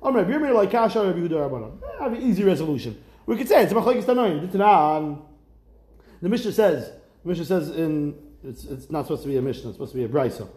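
Leading a Talmud class, a man teaches in a lively, questioning style, weaving Hebrew and Aramaic terms into his English. He talks fast in a fairly high voice, and the room is echoey.

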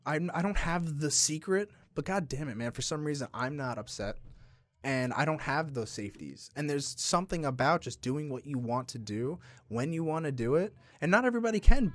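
A young man chatting on a podcast, swearing freely and jumping between thoughts. His voice is mid-pitched and close on the mic in a dry, dead room with no echo. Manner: swearing, animated, slips into mock voices. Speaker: podcast co-host. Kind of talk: casual podcast chat.

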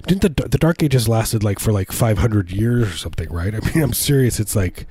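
A man's voice: fairly low pitch, expressive, a little fast, mellow, husky. A man co-hosting a comedy radio chat, rambling through absurd, giggly riffs. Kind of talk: joking casual banter.

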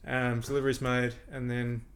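Guy with a gravelly fry voice chatting on a podcast, easygoing, kinda restarts his words a lot. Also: mid-range voice, normal speed, a little hiss or hum. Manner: relaxed, repeats words while thinking. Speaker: podcast guest, breathing coach. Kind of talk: casual conversational explaining.

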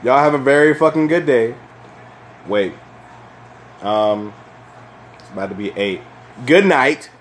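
A young man hosting a casual solo chat, rambling and swearing, with lots of fillers and animated bursts when he rants. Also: mid-range voice, measured pace, pauses often, a little hiss or hum. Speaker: podcast host.

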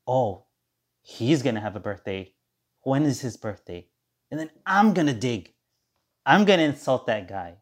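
A man hosting his own podcast, talking in a rambling, sarcastic monologue and slipping into mock-cheerful voices of others. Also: mid-range voice. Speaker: podcast host. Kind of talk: casual monologue.

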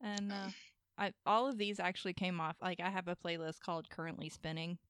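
A woman's voice: on the low side, steady tone, fairly quick, fairly bright tone, smooth. A young woman hosting a casual podcast chat, giggly and rambling with many fillers. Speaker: podcast host.

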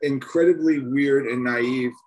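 A man in his seventies from New York, a musician being interviewed, telling stories with animated energy and acting out the voices. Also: mid-range voice, a little slow, slight background noise. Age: 70s. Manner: animated storyteller who acts out voices. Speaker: guest musician. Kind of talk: casual storytelling interview.

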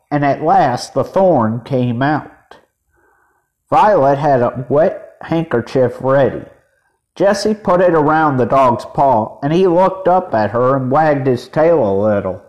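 A man reading a children's chapter book aloud, expressive and voicing the children. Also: fairly high pitch, highs cut off. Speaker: podcast reader.

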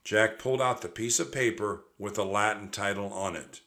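Bright, low-voiced male storybook narrator. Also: normal speed, hardly any pauses. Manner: steady, expressive read-aloud delivery. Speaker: audiobook narrator. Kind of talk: children's audiobook narration.

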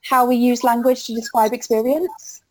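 A woman's voice: on the high side, little pitch movement, moderate pace, a little mellow, poor audio. A woman hosting an interview, thoughtful and conversational, using tag questions. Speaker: interviewer host.

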